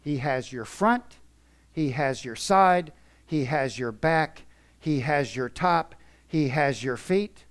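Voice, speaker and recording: A man preaching a sermon in a church, emphatic, swinging from soft to loud. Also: fairly high pitch, lively intonation, slow. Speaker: pastor.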